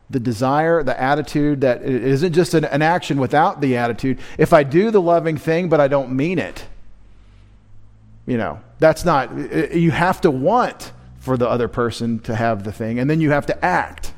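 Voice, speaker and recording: A man preaching a midweek sermon as pastor, emphatic, asking rhetorical questions and quoting scripture. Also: medium pitch.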